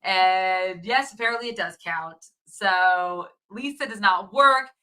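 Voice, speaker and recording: A woman co-hosting a casual movie review chat, retelling the plot in a lively way and laughing often. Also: medium pitch, slow.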